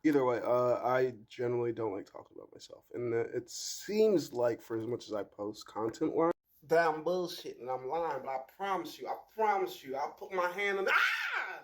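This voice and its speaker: A young man talking to camera in a rambling, emotional monologue that swings into loud outbursts. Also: mid-range voice, a little fast, hardly any pauses. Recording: echoey room.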